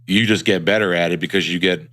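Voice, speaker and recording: A young man with a low voice leads the chat on a gaming podcast. He talks loosely, full of "like" and offhand swearing. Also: fairly even intonation, fast, a bit bright. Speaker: podcast co-host. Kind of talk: casual chat.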